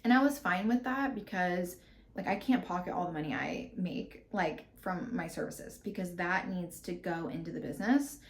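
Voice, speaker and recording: A woman in her thirties hosting a podcast, telling a personal story in a candid, animated way and swearing freely. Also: fairly low pitch, normal speed, echoey room. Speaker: podcast host. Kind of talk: casual storytelling monologue.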